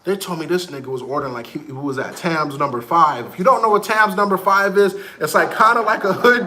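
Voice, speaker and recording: Animated high-voiced man telling stories. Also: fairly quick, reverberant, slight background noise. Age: 30s. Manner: animated, quoting people in raised voices. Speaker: vlogger. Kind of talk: casual storytelling.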